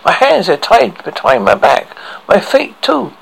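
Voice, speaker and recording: A man voicing a frightened, pleading eight-year-old boy in a horror story, with a gravelly, husky voice. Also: sits high, big pitch swings, measured pace, pitched above the performer's own voice, heavily acted, poor audio. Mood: panicked. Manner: panicky, pleading.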